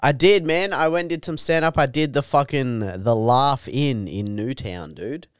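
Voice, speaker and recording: A man's voice: mid-range voice, moderate pace, clean tone, no echo, studio quality. A young Australian man co-hosting a podcast in laid-back, crude chat, swearing a lot and calling his co-host dude.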